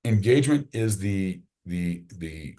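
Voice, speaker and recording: A man's voice: sits low, animated, slow, warm tone. A man, a podcast guest, chatting casually and enthusiastically, often restarting his sentences. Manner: enthusiastic, rambling, repeats words when starting sentences.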